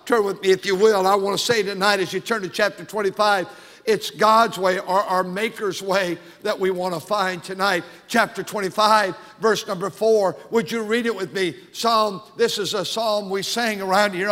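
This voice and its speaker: An older man preaching a fervent sermon, his high, bright voice pressing hard on each point. The words hang in the long reverb of a big church sanctuary. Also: steady tone, moderate pace. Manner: fervent preaching, rising to shouted emphasis. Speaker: pastor.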